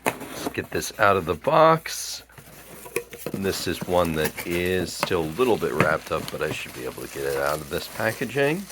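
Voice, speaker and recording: Very deep-voiced man chatting casually. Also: moderate pace, background noise. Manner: relaxed, rambling with fillers and small laughs. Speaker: tap handle collector reviewer. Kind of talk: casual unboxing talk.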